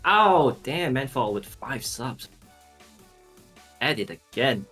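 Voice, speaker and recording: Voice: mid-range voice, very animated, slow, fairly bright tone, husky. Co-host on a race stream reacting to chat, voice bouncing all over, music behind. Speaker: co-commentator.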